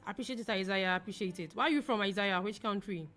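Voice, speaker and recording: Woman, young adult, from Ghana, fast talker, reads comments aloud, casual livestream chat, faint music. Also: medium pitch, a bit bright. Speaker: forex trading livestream host.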